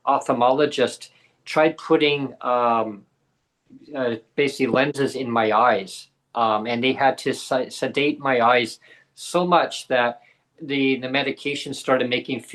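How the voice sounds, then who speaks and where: In a video podcast, a male co-host tells a personal story at a slow pace, his medium-pitched voice fairly bright. He rambles, uses lots of fillers, and performs the dialogue he quotes.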